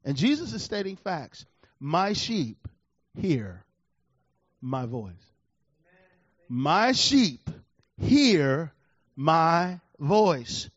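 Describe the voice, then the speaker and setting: A man preaching a sermon, swinging between loud emphatic lines and hushed, drawn-out words. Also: a little high, very animated, dry recording, lo-fi sound.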